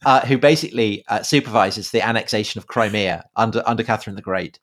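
A man co-hosting a podcast in a casual conversational style, halting often with fillers and repeated words. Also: on the low side, a bit bright. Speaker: podcast co-host. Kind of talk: casual conversational history chat.

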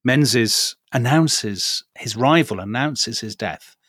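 A man's voice: medium pitch, slow pace, a bit bright, no room sound, clean studio sound. Chatty man on a history podcast. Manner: chatty, hesitant, wry asides. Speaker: podcast co-host. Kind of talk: casual history podcast chat.

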